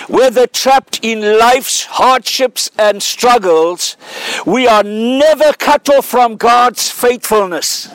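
Slow, high-voiced male preacher. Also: expressive, a bit bright, clear, resonant tone, rough recording. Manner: slow, earnest storytelling that builds to emphatic declarations. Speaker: pastor. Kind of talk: sermon with illustrative story.

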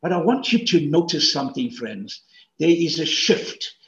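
A man preaching a sermon as pastor, swinging between loud emphatic peaks and hushed asides. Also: on the high side, very animated, moderate pace, creaky, reverberant, highs cut off, slight background noise.

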